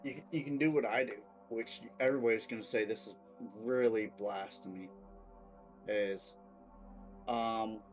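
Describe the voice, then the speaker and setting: A man's voice: on the low side, steady tone, unhurried. A man guesting on a live stream, chatting casually and teasing the host. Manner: teasing, laughs often. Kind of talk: casual chat. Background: faint spooky music.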